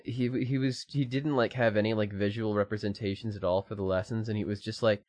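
A man's voice: on the low side, steady tone, brisk, few pauses, a little mellow, dry recording. A young man co-hosting a podcast in casual, rambling chat, with loose phrasing and casual swearing. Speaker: podcast co-host.

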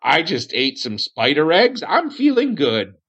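A man's voice: on the high side, wildly swooping pitch, measured pace, fairly bright tone, lo-fi sound, voice pushed up, full character voice. A man voicing a naive, childlike male elf with a head injury, who talks about himself in the third person. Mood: simple, eager.

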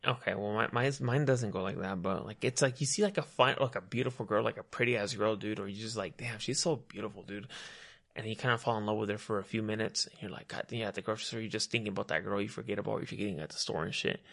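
A man's voice: on the low side, fast, vocal fry, a bit bright. A young man, rambling in casual chat, heavy on "like" and "dude".

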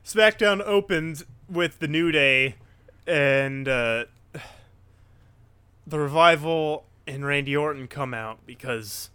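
A man co-hosting a casual wrestling chat, excitable and rambling, with lots of restarts. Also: a little high, takes it slowly, smooth, dry recording. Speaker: podcast co-host.

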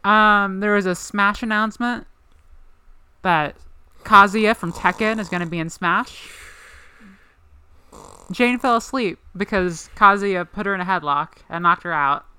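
A woman's voice: mid-range voice, unhurried, long pauses, sharp tone, smooth, no echo. A woman co-hosting a podcast in casual chat, rambling with lots of "like" fillers. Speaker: podcast co-host.

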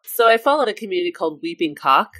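A woman's voice: on the low side, very animated, quick pace, a bit bright, no echo. Woman on a podcast, giggly, trying not to crack up while she reads, dry close sound. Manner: giggly, tries not to laugh while reading. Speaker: podcast co-host. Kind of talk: casual comedic chat, reading excerpts aloud.

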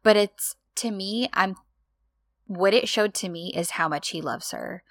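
A woman chatting casually as a podcast co-host, acting out scenes with lively, expressive delivery. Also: measured pace, dry recording. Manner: animated, acts out quoted lines with big pitch jumps. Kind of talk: casual chat recapping a TV drama.

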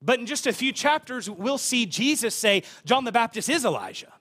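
A man's voice: extremely high pitch, sing-song, moderate pace, pushed and bright, breathy edge. A man preaching a sermon in a conversational way, with casual asides and frequent repeated words. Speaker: pastor.

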